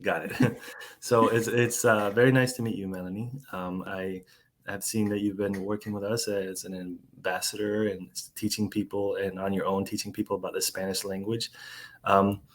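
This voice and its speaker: Host: american man, lowish voice, halting casual interviewer, lots of restarts. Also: level tone. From United States. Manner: halting, many restarts and fillers.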